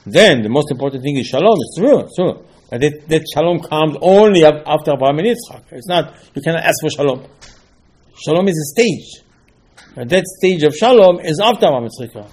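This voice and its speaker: Rabbi guy, husky voice, stops and restarts a lot, teaching torah. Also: on the high side, expressive, darkish tone. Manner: non-native English, halting restarts, rising emphasis. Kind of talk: Torah class sermon.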